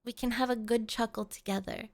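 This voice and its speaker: A woman's voice: a little high, steady tone, fairly quick, creaky. A woman streamer chatting casually with her live chat, playful and melodramatic, often pleading with viewers.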